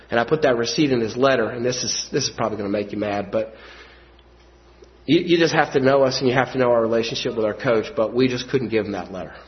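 Emphatic preacher, lo-fi sound. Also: male voice, mid-range voice. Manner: swings from hushed storytelling to loud emphatic preaching. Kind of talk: sermon. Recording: dull lo-fi sound.

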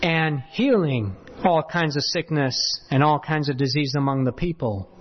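A man preaching a sermon, telling a personal story in an animated way, his voice swinging between loud bursts and hushed asides. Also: fairly high pitch, moderate pace, big-room sound. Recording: dull lo-fi sound.

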